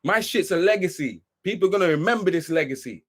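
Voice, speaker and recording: A man's voice: sits high, lively intonation, fast talker. A man ranting heatedly and profanely on a live stream, worked up and preachy, who keeps asking if you understand. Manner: says he is worked up. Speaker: livestream host.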